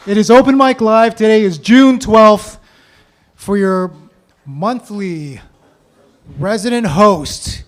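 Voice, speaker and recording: A man with a very high voice opens a comedy show as emcee. He speaks slowly and smoothly, with a clear tone. He introduces the host from the stage. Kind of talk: announcing the show.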